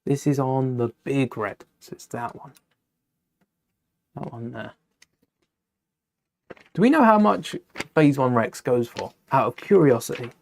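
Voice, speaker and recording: A man's voice: mid-range voice, animated, measured pace, gravelly, long pauses. A young man hosting a casual live stream, chatting and thinking aloud while building, often correcting himself mid-sentence.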